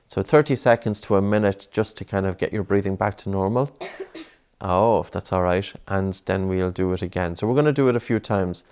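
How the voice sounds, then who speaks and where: A man coaching a child through breathing exercises, patient and encouraging, with many gentle repeated prompts. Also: deep voice, a little fast, clear, resonant tone.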